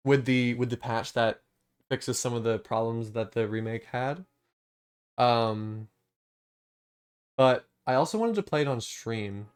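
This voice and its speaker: A young man chatting live on his stream, rambling and restarting his sentences with lots of "like" and "um". His voice is smooth and clear at an ordinary pitch, and he jumps into sudden swearing bursts of enthusiasm. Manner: enthusiastic, full of fillers and restarts, swears when excited. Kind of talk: casual rambling stream chat.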